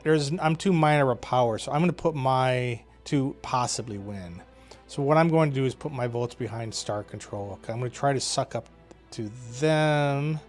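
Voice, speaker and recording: A man talks through his moves in a space strategy game, musing aloud in a relaxed, wry voice full of "uh"s and quick laughs. His pitch sits in an ordinary middle register. Soft game music plays beneath him. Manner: thinking aloud, wry, with frequent "uh" and short laughs. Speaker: game developer playing his own game. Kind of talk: casual gameplay commentary.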